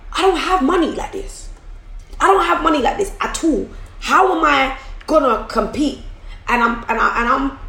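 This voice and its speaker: A woman's voice: fairly high pitch, echoey room, low-quality recording. A woman talking candidly to her viewers about running her business, often repeating and restarting as she goes. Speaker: business owner vlogger. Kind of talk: casual motivational talk to camera. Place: room at home.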